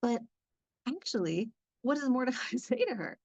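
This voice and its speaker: A woman's voice: a little high, normal speed, no echo, dull audio. Chatty woman teaching a Bible lesson. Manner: chatty, lively, with many fillers. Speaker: Torah teacher.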